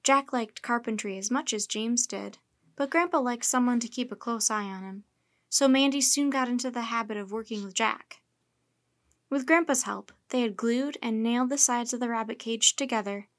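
A woman reading a children's book aloud in a steady, clear storytelling manner. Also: a little high.

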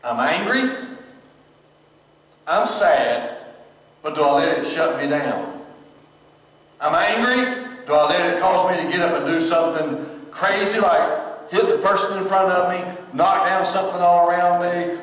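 A man's voice: high-pitched, unhurried, fairly bright tone. A male pastor, giving a conversational sermon in a church and talking to viewers online. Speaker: pastor and former chaplain. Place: church sanctuary, streamed service. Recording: very echoey hall from far off.

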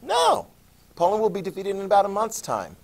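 Animated male teacher lecturing a class. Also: high-pitched, fast. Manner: animated, acts out countries in jokey voices; asks the class questions. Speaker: history teacher.

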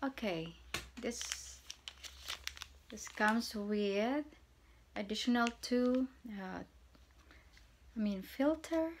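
A woman talks her way through a casual unboxing in a soft, chatty manner. She takes her time over each word at a middling pitch and gushes readily over small details. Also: slight background noise. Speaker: vlogger reviewing gear.

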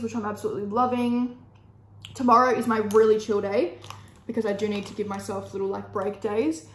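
A young Australian woman with a hoarse, gravelly voice, talking in chatty, upbeat vlog style while she does her makeup. She is recorded in an echoey room with a faint hum behind her. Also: mid-range voice. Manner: chatty, upbeat, lots of fillers. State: hoarse, croaky voice. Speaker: beauty vlogger. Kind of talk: casual chat while doing makeup.

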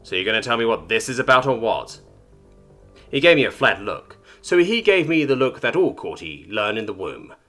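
Lively, bright-voiced male story narrator. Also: mid-range voice, normal speed, faint music behind.

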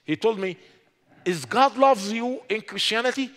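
Guy giving his testimony, high voice, broken english, lots of hall echo. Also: moderate pace, fairly bright tone. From Egypt. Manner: emphatic storytelling with non-native English. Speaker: guest telling his conversion story. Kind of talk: personal testimony.

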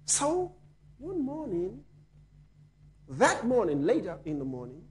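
A male pastor telling a story in a sermon, swinging dramatically from hushed tones to shouting. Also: high voice, huge pitch swings, takes it slowly, a little hiss or hum.

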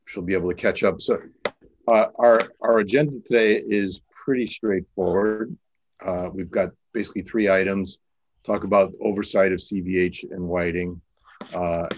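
Deep-voiced man chairing a meeting. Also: muffled recording, slight background noise. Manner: hesitant, many fillers and restarts. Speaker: task force chair. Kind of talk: online meeting discussion.

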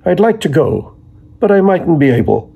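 A man voicing an eager, wheedling middle-aged Dubliner, pitched a little higher than the narration. The voice stays deeply husky and gravelly, with a dark, mellow tone, as in a spoken storybook reading. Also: big pitch swings, normal speed, exaggerated voice.

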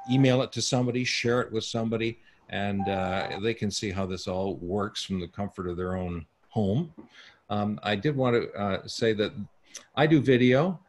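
Low-voiced man with halting speech. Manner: hesitant, lots of uh fillers. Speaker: panelist. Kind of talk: casual chat.

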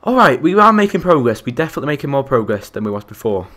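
Rapid-fire and sing-song, a young man's mid-range, slightly bright voice runs through a live game stream as he counts out loud and reacts to his viewers and the other players.

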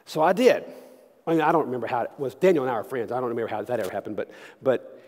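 A middle-aged pastor preaches in a large sanctuary. His delivery swings between loud, lively moments and hushed, intimate ones. Long reverb trails every phrase. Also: medium pitch, racing. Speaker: senior pastor. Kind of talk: sermon with personal storytelling.

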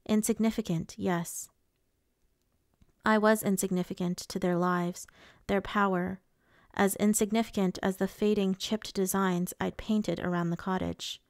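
A woman narrating a first-person audiobook in a measured, steady way. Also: medium pitch, dry recording, clean studio sound.

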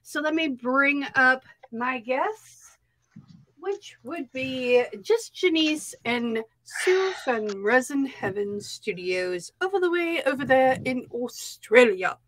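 A woman's voice: high-pitched, lively intonation, slow pace, a bit bright, no echo, poor audio. A woman hosting a casual art live stream, bubbly and playful with sing-song exclamations.

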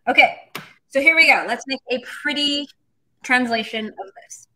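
A woman's voice: sits high, moderate pace, sharp tone, slight background noise, rough recording. A woman teaching a language lesson on a live stream, explaining step by step and chatting with viewers. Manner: chatty, explains step by step, reads chat comments.

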